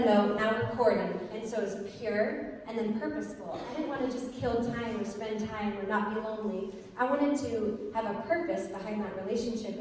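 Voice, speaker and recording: A young woman giving an earnest, lively personal testimony to an audience, telling her story with laughs. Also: mid-range voice. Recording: echoey hall, voice from far off.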